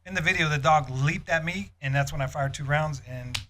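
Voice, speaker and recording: A man sits in as a podcast guest, telling police stories in a bright, slightly raised voice. He laughs often and acts out what people said. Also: on the high side, brisk. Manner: lively anecdote-telling with frequent laughter; acts out quoted dialogue. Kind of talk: casual storytelling podcast.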